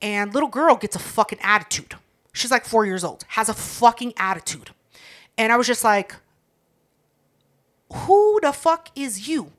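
A woman co-hosting a casual chat, telling profane, animated stories and breaking into loud laughs. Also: medium pitch, normal speed.

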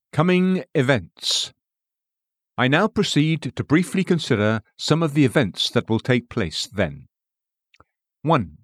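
A man reading a Christian devotional book aloud in a measured, solemn voice, slowing down for scripture quotations. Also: mid-range voice, no echo, clean studio sound.

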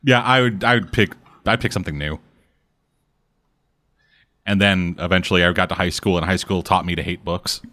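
A man's voice: low voice, moderate pace, long pauses, bright, forceful tone. A young adult man in casual chat, cursing freely and riffing in rambling runs. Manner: profane, rambling riffs.

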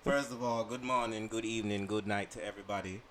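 A man's voice: on the low side, steady tone, fast talker, a bit bright, a little hiss or hum. A man joking in a casual podcast chat with friends, laughing often.

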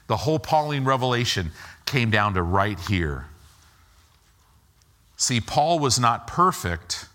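A man preaching a sermon as pastor, slowing for emphasis and acting out quoted lines with rising and falling pitch. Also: big pitch swings, pushed and bright. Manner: slow deliberate emphasis.

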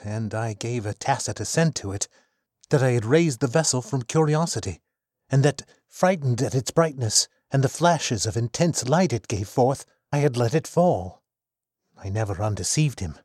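A man reading a classic first-person story aloud as an audiobook narrator, in a measured, expressive way. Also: medium pitch, dry recording, clean studio sound. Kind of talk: scripted narration of classic fiction.

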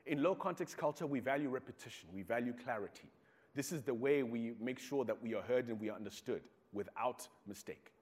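Addressing a crowd, a Zimbabwean man spins stories and voices the characters he quotes. His mid-range voice is darkish and slightly breathy, with lively intonation and a somewhat quick pace, all carried on long hall reverb.

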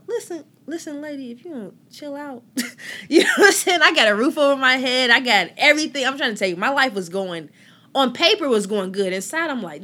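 A woman hosting a podcast, telling her faith story in a casual, animated way, acting out quoted conversations and moving between near-whispers and loud exclamations. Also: medium pitch. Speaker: podcast host.

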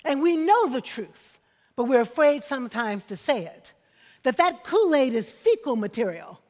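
A woman's voice: high-pitched, sing-song, moderate pace, a little mellow, big-room sound. A woman preaching a sermon, emphatic and repeating phrases for effect, calling on the congregation for amens.

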